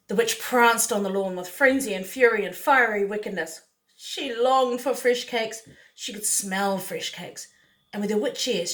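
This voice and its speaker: A woman's voice: medium pitch, fairly bright tone. A woman reading a picture book aloud, playful, with chatty asides to the listener. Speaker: storyteller.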